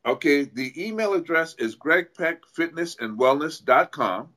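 A man's voice: fairly high pitch, animated, a little slow, sharp tone. A man with a New York accent, a fitness coach talking as a guest in an interview, earnest and explaining things step by step with frequent restarts. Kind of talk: casual interview talk.

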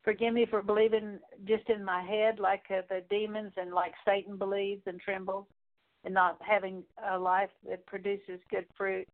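Woman praying in a flat, tinny voice. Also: medium pitch. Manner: halting, repetitive pleading with pauses. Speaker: prayer leader. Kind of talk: spoken prayer of confession. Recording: tinny phone-like sound.

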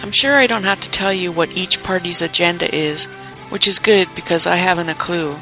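A man's voice: sits high, a little fast, pitched above the performer's own voice, lightly acted. A man voicing a brash, flirty Canadian woman bureau chief who says "eh" and "hosers" in a mock news report. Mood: cheeky. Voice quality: exaggerated Canadian "eh" and "hosers" talk. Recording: tinny phone-like sound with faint music.

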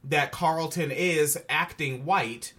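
A man's voice: a little high, takes it slowly, pushed and bright. A man hosting a casual podcast show review, talking animatedly and with profanity, often acting out quoted lines. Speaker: podcast host.

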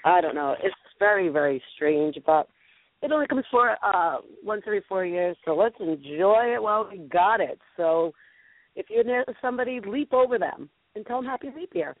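A woman's voice: medium pitch, lively intonation, normal speed, no echo. A woman hosting an online talk-radio show in a bubbly, rambling, chatty way. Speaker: host. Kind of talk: casual talk-radio chat. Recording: tinny phone-like line, dry.

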